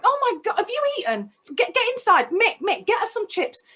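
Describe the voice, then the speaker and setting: A woman's voice: very high voice, big pitch swings, normal speed, sharp tone, voice pushed up, exaggerated voice. A woman voicing a concerned man outside a pub, firing off urgent, worried questions.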